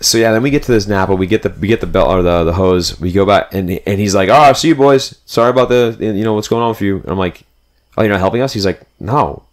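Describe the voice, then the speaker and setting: A man's voice: deep voice, fast, few pauses. A young man telling a road trip story in casual, rambling podcast chat, full of "like" and "dude". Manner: rambling, animated, fillers like "like" and "dude".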